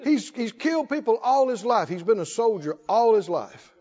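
Folksy preacher with a lively high voice. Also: male voice, normal speed. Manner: folksy, humorous storytelling, laughing often. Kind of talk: sermon. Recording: dull lo-fi recording in echoey hall.

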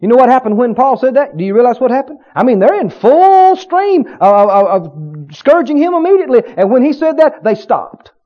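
Man, preacher, fervent sermon, high and lively voice, dull lo-fi recording. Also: moderate pace, hardly any pauses. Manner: fervent, rising to shouted repeated phrases.

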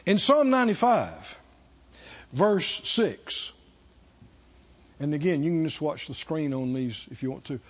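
High-voiced preacher man, slow and emphatic. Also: muffled recording. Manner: emphatic call-and-response, drawn-out repeated phrases. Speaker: pastor. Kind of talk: sermon. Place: church service with congregation.

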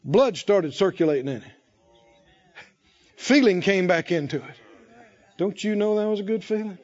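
High-voiced, lively man preaching. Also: moderate pace, muffled recording. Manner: dramatic storytelling, acting out voices, shouting peaks. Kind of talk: sermon.

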